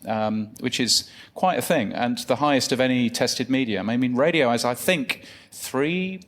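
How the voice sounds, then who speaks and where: A man talks through the week's news on a live stage. He speaks at a middling pitch and keeps stopping to restart his sentences, with plenty of ums along the way. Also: unhurried, a bit bright. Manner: chatty, many fillers and restarts. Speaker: podcast co-host. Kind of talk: live podcast news chat.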